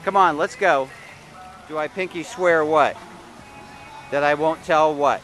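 Bright-voiced man filming a kid outdoors. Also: fairly high pitch, unhurried, faint music behind, low-quality recording. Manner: playful, teasing. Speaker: parent filming a child. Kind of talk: casual home video narration. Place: outdoor water park. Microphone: handheld camera mic.

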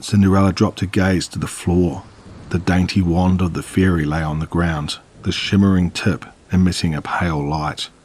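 A man narrating a horror story in a measured, dramatic way. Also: low voice, steady tone, a little mellow, a little hiss or hum.

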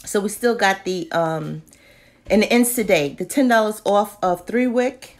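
A woman's voice: mid-range voice, a little slow. A woman chatting casually through shopping deals, swearing and whispering asides to herself. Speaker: vlogger doing a live deal check-in. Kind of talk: casual chat.

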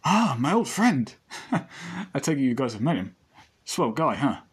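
A man's voice: mid-range voice, sing-song, a little slow, husky, full character voice. Man voicing a laid-back blind teenage boy. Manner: rambling, laid-back, self-correcting. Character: blind teenage boy, easygoing, fond of his friend.

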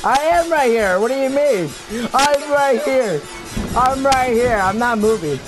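A man yells taunts and trash talk while he plays, his commentary loud and excitable. Game music runs clearly underneath his voice. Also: extremely high pitch, moderate pace. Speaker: gamer. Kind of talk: gameplay commentary.

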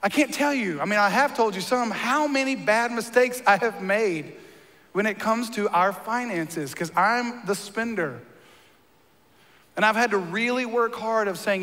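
A man's voice: sits high, measured pace, pushed and bright. A man preaching a sermon as a pastor, conversational and joking, with emphatic lines. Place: church. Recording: long reverb of a church hall.

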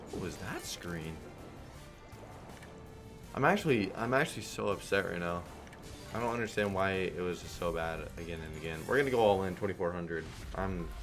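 A man streaming online slots, giving casual, profane play-by-play and thinking aloud in a frustrated way. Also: sits low.

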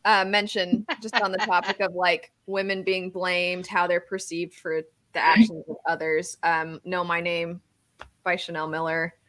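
A woman's voice: fairly low pitch, flat delivery, unhurried, a bit bright. A woman in a casual online book club discussion, talking with animation, laughing often and restarting her sentences.

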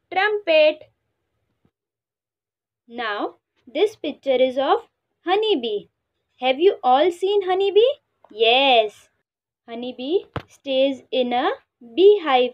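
A high-pitched woman teacher with an Indian English accent talks slowly and carefully to young pupils. She spells words out letter by letter and squeaks or quacks to imitate the animals. The recording sounds a little dull and lo-fi. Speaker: schoolteacher. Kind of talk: classroom lesson for young children.

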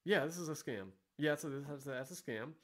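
A man hosts a casual vlog and keeps up a rambling, sarcastic running commentary. His voice sits a bit high, and he swears freely. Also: a little fast. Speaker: vlog host. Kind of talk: casual commentary reading ads.

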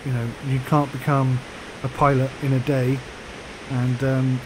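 A man chatting casually on a flight sim vlog, rambling with fillers and pausing through the hiccups. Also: mid-range voice, little pitch movement, background noise. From United Kingdom.

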